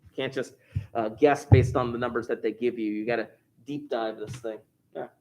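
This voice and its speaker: A man's voice: medium pitch, steady tone, moderate pace, a little mellow, a little hiss or hum. Man, math teacher, class review lesson, chatty, jokey, thinks aloud.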